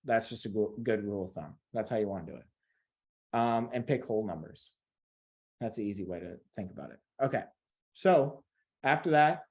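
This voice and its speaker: Male trading instructor, mid-pitched, casual and chatty screen-share delivery. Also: darkish tone. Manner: conversational and repetitive, addresses viewers directly.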